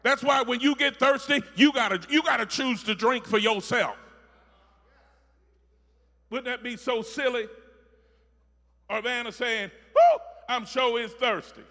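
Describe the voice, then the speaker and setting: A man preaching a sermon, repeating phrases rhythmically and building from soft talk to shouting. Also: extremely high pitch, fairly even intonation, unhurried, long pauses, big-room sound.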